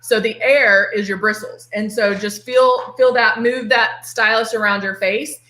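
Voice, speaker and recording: A middle-aged makeup artist from Texas, with a Texan accent, chats playfully through a casual live-stream tutorial, greeting viewers by name. Her voice is a little high, steady, unhurried, bright and forceful, and the room is echoey.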